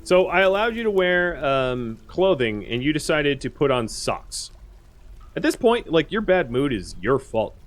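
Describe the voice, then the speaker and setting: A man giving casual let's-play commentary, talking straight to the characters on screen, with excitable outbursts and quiet muttered asides. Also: a little high, a little slow. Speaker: gameplay commentator.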